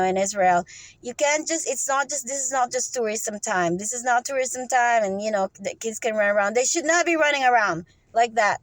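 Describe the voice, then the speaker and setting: A woman's voice: a little high, dry recording, rough recording. A woman speaking in an unscripted advice monologue. She rambles and restarts often, checking in with "okay?" as she instructs. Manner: restarts and trails off mid-sentence. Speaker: vlogger giving advice.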